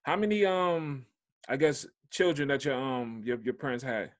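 A man interviewing a guest, asking questions in a halting way full of fillers. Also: medium pitch, lively intonation. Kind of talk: casual interview.

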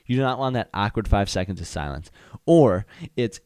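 Animated young man telling funny stories. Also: on the low side, moderate pace, few pauses, smooth, no room sound, clean studio sound. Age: young adult. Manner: animated, acts out voices and sound effects. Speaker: podcast host. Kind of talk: comedic solo storytelling.

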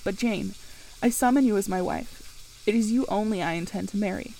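A woman reading a passionate Victorian gentleman. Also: mid-range voice, normal speed, vocal fry, a little hiss or hum, close to an everyday voice, low-quality recording. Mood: pleading. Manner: earnest, pleading, intense. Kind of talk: audiobook character reading.

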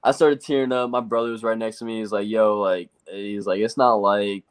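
Young male driver guest, lowish voice, loose rambling delivery packed with "like" and quoted self-talk. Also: steady tone, brisk, clear, resonant tone. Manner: rambling, quotes himself with lots of "like". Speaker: race truck driver guest. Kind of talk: casual interview storytelling.

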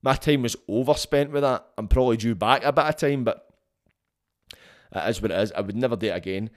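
A man of ordinary pitch talks alone into a podcast mic, casual and unscripted. He speaks bluntly and frankly and swears freely as he goes. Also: fairly quick. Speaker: podcast host. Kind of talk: casual solo podcast monologue.

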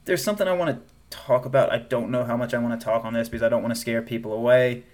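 A man's voice: medium pitch, fast. Man, Southern accent, podcast co-host, casual chat, laughs a lot, restarts his sentences. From American South. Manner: animated, laughs often, trails off and restarts.

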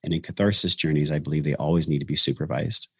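A man's voice: rumbling low, steady tone, quick pace, a bit bright, breathy edge, no echo, studio quality. A man talking earnestly about his path into breath work in a casual podcast conversation, with many restarts. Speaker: breathwork facilitator, podcast guest.

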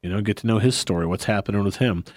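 A man hosting a podcast in a relaxed, rambling chat, often laughing. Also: fairly low pitch, rapid-fire, no room sound. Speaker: podcast host. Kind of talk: casual chat.

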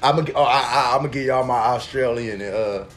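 A man's voice: medium pitch, fast, fairly bright tone, slight background noise. A man hosting a casual podcast game, teasing the players and repeating his catchphrase. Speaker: podcast host and game judge.

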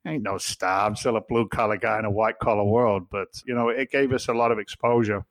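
A man's voice: lowish voice, fairly even intonation, a little fast, no room sound, rough recording. A middle-aged man with an English accent, a podcast guest telling stories in a blunt, jokey, swearing way. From England. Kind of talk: casual storytelling.

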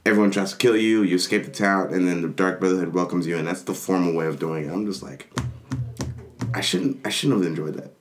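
A man chatting casually about a video game, telling stories with lively energy and acting out characters in funny voices. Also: low-pitched, fast, noisy background. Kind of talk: casual gaming chat.

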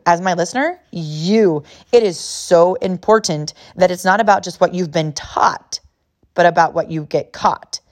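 Earnest mom telling a family story. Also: female voice, fairly low pitch, darkish tone. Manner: earnest, emotional, repeats herself. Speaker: podcast host. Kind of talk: personal storytelling monologue.

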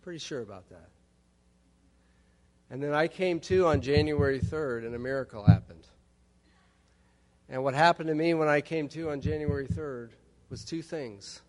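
A man's voice: fairly high pitch, normal speed, darkish tone. Wry storytelling man in a big hall. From Texas. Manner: wry storytelling with humorous asides. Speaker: recovery meeting speaker. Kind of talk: personal testimony talk. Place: large hall at a conference. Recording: long hall reverb.

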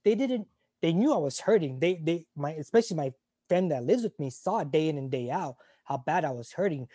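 A man's voice: fairly high pitch, animated, a little fast, warm tone, husky, dry recording. A man in his forties, a retired Navy corpsman, telling his story as an interview guest in a frank, emotional way, swearing freely and often restarting his sentences. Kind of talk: candid conversational storytelling.

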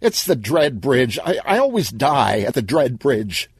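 A man's voice: mid-range voice, sing-song, unhurried, slightly rough, no echo, voice pushed up, full character voice. A man voicing a panicky, clumsy young gamer in an audio story, frantic and pleading. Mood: panicked.

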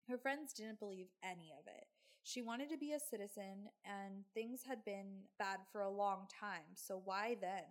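A woman's voice: medium pitch, creaky. A woman hosting a podcast, telling a true crime story in casual chat with sarcastic, swearing asides. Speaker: podcast host.

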